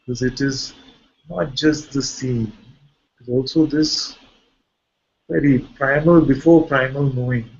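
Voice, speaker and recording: A man with an Indian accent, a spiritual teacher giving a satsang talk in a calm, searching way. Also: mid-range voice, a little slow, creaky, long pauses, lo-fi sound. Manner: calm, searching explanations with soft laughs.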